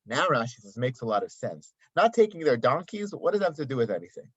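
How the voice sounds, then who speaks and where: A man's voice: mid-range voice, big pitch swings, fast, slightly rough, no room sound. A man giving a daily Torah commentary lesson, explaining the text and asking rhetorical questions. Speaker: Torah teacher. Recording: dry, slightly dull sound.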